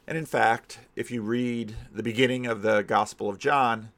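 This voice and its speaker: A middle-aged American pastor talks through an idea at an easy, unscripted pace. His voice sits at an ordinary male pitch, and he often stops and repeats a word as he works toward his point. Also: fairly even intonation, moderate pace, hardly any pauses, a bit bright. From United States. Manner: thinking aloud, frequent restarts and repeated words. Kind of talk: casual teaching talk.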